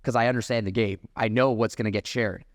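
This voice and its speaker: A man, a sales trainer, talking fast and energetically in a casual podcast chat, full of "like" and restarts. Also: lowish voice, fairly even intonation, no room sound, studio quality.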